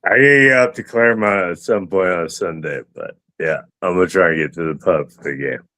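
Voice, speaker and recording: A man's voice: deep voice, fairly quick, bright, forceful tone, no echo. A man co-hosting a casual fan-show chat, cutting in bluntly with short remarks. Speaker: podcast co-host.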